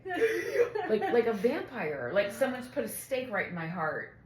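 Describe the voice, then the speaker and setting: A middle-aged woman hosting a casual chat, talkative and quick to laugh, acting out what others said. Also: a little high, wildly swooping pitch, crowd noise. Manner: chatty, laughs often, acts out quotes. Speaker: podcast host. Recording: echoey room.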